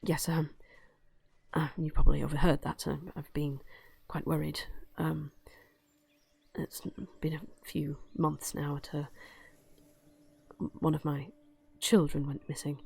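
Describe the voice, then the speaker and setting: A woman's voice: sits low, flat delivery, measured pace, vocal fry, a little mellow, breathy edge, dry recording, full character voice. A woman playing a worried rabbit-folk father. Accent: British. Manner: hesitant, apologetic, many ums.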